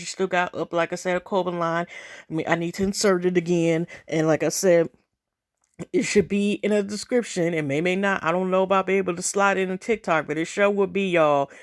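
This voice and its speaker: A woman's voice: lowish voice, fairly even intonation, normal speed. A woman casually recapping a reality show episode, rambling with lots of fillers and talking straight to her viewers. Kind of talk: casual chat.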